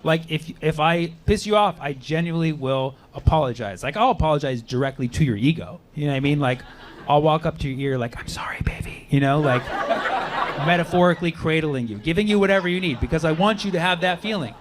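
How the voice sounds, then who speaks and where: A man's voice: a little high, fast. A man doing a stand-up comedy set on a club stage, riffing with the audience and punching up his lines. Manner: conversational, riffing with the crowd, loud punchlines. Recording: live club recording with crowd noise and laughter.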